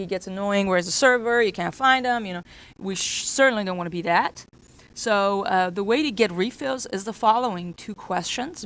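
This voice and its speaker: A woman's voice: mid-range voice, clean tone, low-quality recording. A woman training restaurant staff. She talks in a repetitive, coaching way and often acts out exchanges with customers. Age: adult with children. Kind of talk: workplace training talk.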